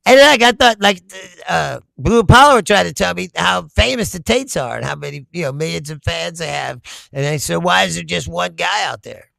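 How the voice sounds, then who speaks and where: Gravelly, profane man ranting with laughs. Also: sits high, animated, normal speed, sharp tone, no echo, studio quality. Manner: profane, laughs often, rambling asides. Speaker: political commentary host. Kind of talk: casual comedic political rant.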